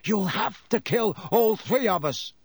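A man's voice: high voice, expressive, measured pace, slightly rough, dry recording, studio quality, voice pushed up, exaggerated voice. A man voicing an injured teenage boy who speaks weakly but defiantly. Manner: weak, strained and defiant.

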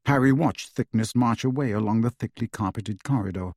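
A man narrating an audiobook in an expressive, measured storytelling voice on a close studio mic. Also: lowish voice, dry recording.

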